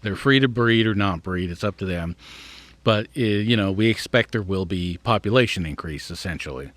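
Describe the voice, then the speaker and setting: Reading an article aloud at normal speed, this male podcast host has a lowish, fairly bright voice with no echo. He pauses to add his thoughts and sometimes stumbles over tricky words.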